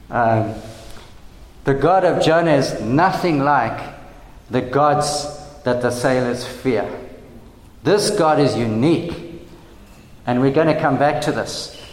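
A man preaching an expository sermon, teaching slowly and deliberately, often restarting his phrases. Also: medium pitch. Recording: echoey hall with long reverb.

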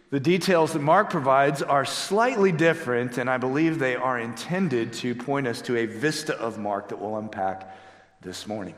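A man's voice: mid-range voice, a bit bright. Middle-aged male pastor, storytelling sermon, recorded in a reverberant sanctuary. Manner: storytelling, emphatic preaching. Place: church sanctuary. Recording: echoey hall with long reverb.

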